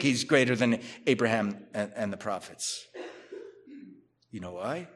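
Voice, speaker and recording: Man preaching, loud then hushed. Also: fairly low pitch, a little slow. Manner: reads scripture aloud, then explains it conversationally; shifts between loud emphatic lines and quiet asides. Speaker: pastor. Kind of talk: sermon.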